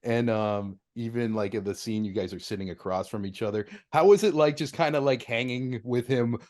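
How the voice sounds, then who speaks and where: A man hosts a casual podcast interview at an ordinary pitch. He asks his questions in a loose, laid-back way. Plenty of fillers like "like" and "um" pad out his sentences. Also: moderate pace, darkish tone. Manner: laid-back, heavy use of like and um. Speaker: podcast host.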